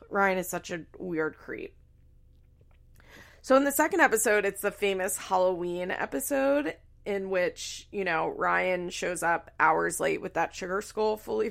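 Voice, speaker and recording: A woman's voice: mid-range voice, expressive, unhurried, gravelly. A woman hosting a casual recap, speaking bluntly, swearing freely and acting out quoted lines. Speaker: podcast host recapping a reality show. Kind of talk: casual commentary.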